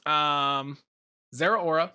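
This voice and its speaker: Bright-voiced young man rambling casually. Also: fairly high pitch, fairly even intonation, extremely slow, clear, resonant tone. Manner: rambling, swears casually, frequent ums and uhs. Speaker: YouTuber ranking Pokemon. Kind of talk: casual commentary while making a tier list.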